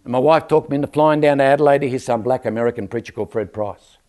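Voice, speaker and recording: An older man preaching a lively church sermon, joking and calling out for amens from the congregation. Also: mid-range voice, fast. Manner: animated, joking, calls for amens from the crowd. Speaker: guest preacher. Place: church service.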